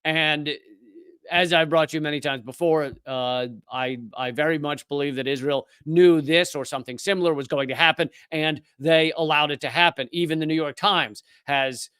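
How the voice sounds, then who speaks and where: A man's voice: a little high, fairly even intonation, normal speed, a bit bright, smooth, no echo, studio quality. A man hosting a live political commentary show, speaking indignantly with sarcastic asides.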